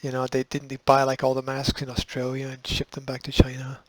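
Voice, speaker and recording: A man's voice: mid-range voice, monotone, fairly quick, dry recording, rough recording. A man hosting a show, reading news items aloud and breaking off with sarcastic, dismissive asides. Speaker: host.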